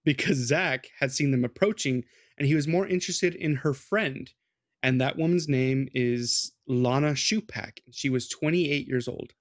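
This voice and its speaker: A man's voice: a little high, no echo, clean studio sound. A man co-hosting a podcast, telling a true crime story in a loose, rambling, casual way. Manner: loose, rambling, with lots of "like" and "dude".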